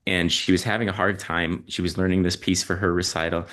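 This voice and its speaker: A man speaking as a podcast guest and parent, telling stories in a reflective, halting way with many ums and uhs. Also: low-pitched, flat delivery, fairly bright tone. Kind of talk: reflective conversational storytelling.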